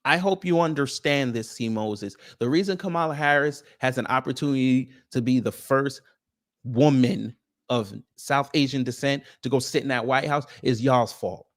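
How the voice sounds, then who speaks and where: A man's voice: medium pitch, moderate pace. A man hosting a political commentary stream, ranting with mocking rhetorical questions and scornful laughs.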